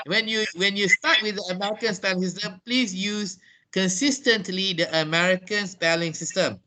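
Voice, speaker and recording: A man's voice: high voice, pushed and bright, rough recording. A middle-aged man with a Malaysian English accent gives an online English lesson. He spells words out letter by letter and repeats his key points. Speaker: English teacher.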